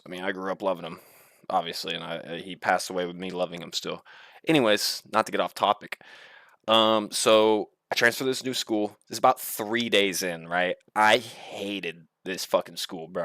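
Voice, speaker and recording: Young male vlogger, loose and profane storyteller, punchy bright tone. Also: low voice, no echo, clean studio sound. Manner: rambling, profane, laughs while telling. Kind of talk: casual storytelling.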